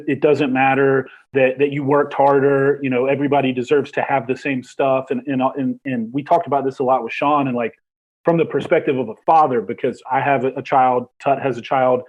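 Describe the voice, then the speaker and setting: A man's voice: mid-range voice, flat delivery, a little fast, lo-fi sound. A man hosting a podcast interview, talking casually and rambling with many fillers. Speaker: podcast host.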